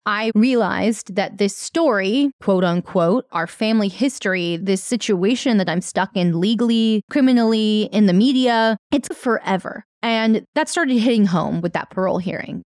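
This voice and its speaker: A woman's voice: mid-range voice, normal speed, hardly any pauses, dry recording, studio quality. Earnest woman telling her own story. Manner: earnest, emphatic, candid. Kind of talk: personal testimony storytelling.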